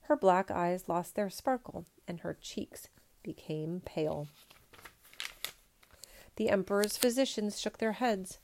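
Woman storybook reader, measured and gentle, slight vocal fry. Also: medium pitch, lively intonation. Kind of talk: storybook read-aloud.

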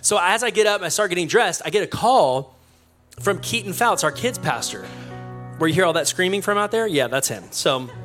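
A young male pastor telling a story in his sermon, animated and self-mocking, often laughing at himself. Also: high voice, moderate pace, faint music behind.

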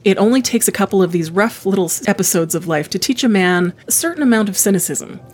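A woman's voice: mid-range voice, lively intonation, fast, a little mellow, husky. Woman reading and summarizing a book.

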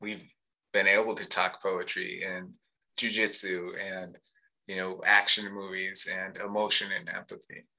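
Man, co-host, earnest and reflective, level low voice, very bright tone. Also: flat delivery, unhurried, low-quality recording. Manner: earnest, thoughtful, many fillers. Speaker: podcast co-host. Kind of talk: reflective casual discussion.

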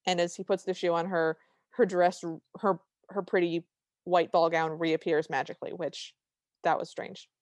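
A woman's voice: lowish voice, level tone, normal speed, no room sound. A woman co-hosting a podcast, retelling a cartoon's plot in casual chat with wry asides. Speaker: podcast co-host.

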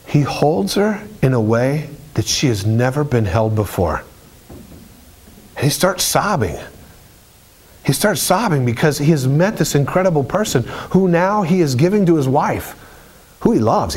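A man's voice: a little high, very animated, unhurried, a little mellow, slightly rough. A man preaching a sermon with emphatic, repetitive phrasing.

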